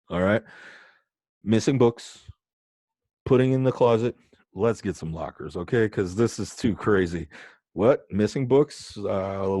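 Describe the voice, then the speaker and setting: A male teacher with a lowish voice runs a lesson, joking around and talking right to his students. The sound is close and dry, with no room echo. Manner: joking, animated, talks to students directly. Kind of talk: playful online lesson.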